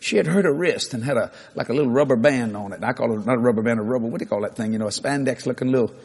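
A middle-aged man, preaching a sermon through lively, laughing anecdotes with sudden jumps in pitch. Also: very fast, husky. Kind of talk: storytelling sermon.

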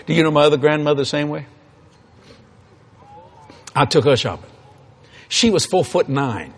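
Man, preacher, folksy emphatic sermon, fairly high voice. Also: normal speed, creaky, slightly rough.

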